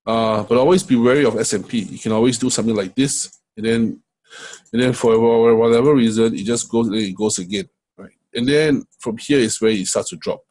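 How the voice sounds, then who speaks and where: Husky middle-aged guy talking thru forex charts, chatty, lots of "right?". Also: medium pitch, a little fast, darkish tone, poor audio. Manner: conversational, many fillers and "right?" checks. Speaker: forex trading coach. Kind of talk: screen-share trading lesson.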